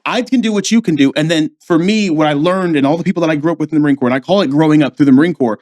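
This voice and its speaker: A man talks fast in a casual podcast chat. His voice sits a little high. He swears freely and jumps into the voices of the people in his stories. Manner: profane, animated storytelling, acts out quoted voices. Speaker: podcast guest, former Marine.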